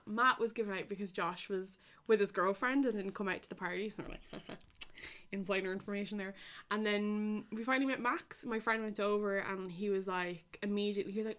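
A young Irish woman co-hosting a podcast, telling stories in a lively, laughing way. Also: medium pitch, brisk. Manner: animated, laughing storyteller. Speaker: podcast co-host. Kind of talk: casual chat, storytelling.

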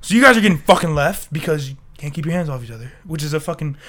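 Young guy podcasting, swears a ton, laughs a lot, kinda high bright voice. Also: lively intonation, very fast. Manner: profane, joking, laughs often. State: sick. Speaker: podcast co-host. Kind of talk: casual chat. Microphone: desk mic.

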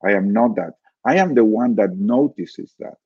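A man's voice: on the low side, lively intonation, normal speed, slightly rough, dry recording, lo-fi sound. A man talking through ideas as a podcast guest, thoughtful, often repeating words while he searches for them. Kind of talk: reflective conversational explaining.

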